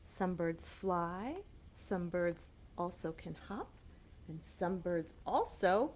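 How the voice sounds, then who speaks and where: A woman librarian reading a picture book aloud to small children, animated and coaxing, asking them questions, recorded on a webcam. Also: lowish voice, takes it slowly, a little hiss or hum. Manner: animated, sing-song, coaxing questions to kids.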